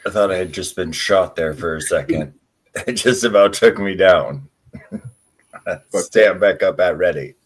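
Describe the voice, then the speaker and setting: Very deep-voiced man, dry jokes. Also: a little slow. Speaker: live show co-host. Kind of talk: casual chat.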